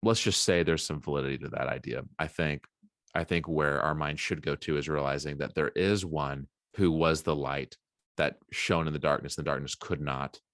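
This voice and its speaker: A man co-hosting a casual Bible podcast, retelling a story in a lively way and acting out the quotes. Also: very deep voice, normal speed, no echo, clean studio sound. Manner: animated retelling with acted-out quotes. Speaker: podcast co-host.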